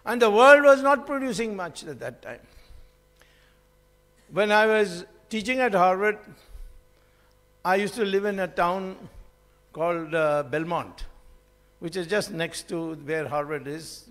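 High-voiced man lecturing in a reverberant hall. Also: a little slow, pauses often, fairly bright tone. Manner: rambling, many fillers and restarts, storytelling. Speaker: public speaker. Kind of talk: public lecture.

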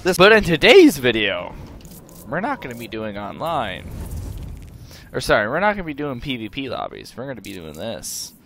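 A young man commentating a racing game, swearing angrily at it and breaking into loud shouts and yelps. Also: wildly swooping pitch, normal speed, a little hiss or hum. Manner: angry, profane ranting at the game; shouts and yelps in sudden high bursts. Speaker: gaming YouTuber. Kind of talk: let's play commentary. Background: game music and car engine sounds.

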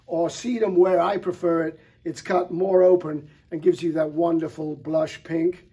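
A middle-aged man walks through a flower showcase with relaxed enthusiasm. His voice sits high for a man yet sounds warm and mellow, with a husky edge. He pauses often on fillers as he talks. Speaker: florist presenter. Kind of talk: product showcase talk.

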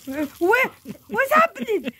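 A woman voicing a playful, boastful pet dog battling water, speaking in excited, stammering baby-talk for a home video. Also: very high voice, a little slow, full character voice.

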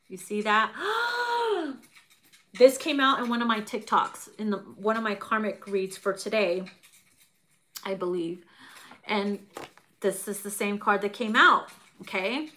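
A middle-aged woman giving a casual tarot reading to viewers, animated and profane, laughing often and acting out quotes. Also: medium pitch, unhurried, long pauses. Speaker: tarot reader.

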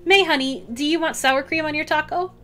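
A woman voicing a cheerful, doting mother with a bright, affectionate way of speaking. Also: high-pitched, a little fast, pitched above the performer's own voice.

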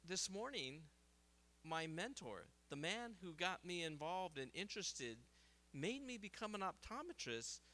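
A middle-aged optometrist addresses a seminar hall as guest speaker. His voice is bright and forceful and sits a little high for a man. He tells stories in a lively way and often laughs at his own jokes. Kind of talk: seminar talk with anecdotes.

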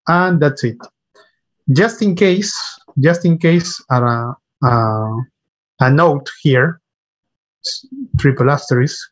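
On a video call, a Spanish-speaking man with a voice on the high side teaches English online, the sound coming through dull from his computer mic. He patiently repeats and spells out words for the class.

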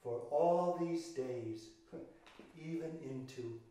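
A man's voice: mid-range voice, slow pace, background noise. An older man telling a children's story in a dramatic way, with gasps and sung chants, and speaking directly to the young listeners. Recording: echoey room, from far off the mic.

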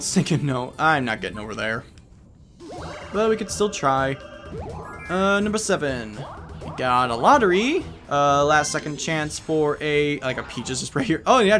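A man's voice: medium pitch, fairly bright tone. A man casually commenting on a party video game, rambling and joking, often breaking into silly voices. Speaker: let's play gamer.

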